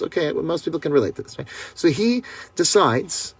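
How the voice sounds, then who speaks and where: A rabbi teaches a class over a video call, his voice a little high, husky, and a bit bright, with very animated, fairly quick delivery and no echo. He speaks conversationally and straight to his listeners, often posing rhetorical questions and saying "right?" a lot.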